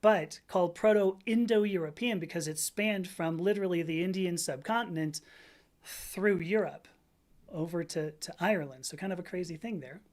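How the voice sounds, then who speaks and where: A woman with a slightly low voice hosts a casual livestream. She rambles through her points with loose fillers and restarts, and breaks off to greet viewers and answer their chat. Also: normal speed, a little mellow. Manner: digressive, chatty, stops to greet viewers and read chat; many fillers and restarts, laughs at herself. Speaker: livestream host. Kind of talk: casual lecture-style stream chat.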